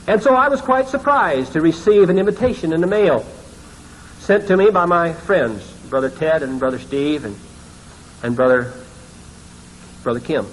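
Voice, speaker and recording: High-voiced preacher telling a dramatic story. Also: male voice, lively intonation, moderate pace, long pauses, a little hiss or hum, rough recording. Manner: dramatic, drops to hushed, ashamed tones. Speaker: pastor.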